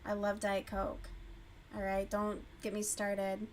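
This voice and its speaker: A woman's voice: medium pitch, monotone, takes it slowly. A woman hosting a casual livestream while crocheting, chatting loosely, swearing freely and answering her chat as she goes. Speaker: livestream host.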